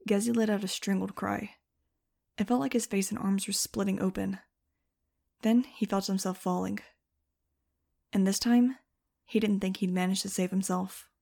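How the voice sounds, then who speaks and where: Woman, audiobook narrator, lively scripted reading, gravelly, mid pitch. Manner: lively, shifting into excited first-person telling.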